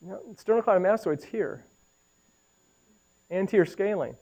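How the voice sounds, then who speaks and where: A middle-aged man, fairly high-voiced, lectures on medical imaging. He talks easily and conversationally, stepping through scans and pausing to ask the room questions. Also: a little mellow, low-quality recording. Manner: conversational, with anecdotes and audience questions. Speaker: radiology lecturer.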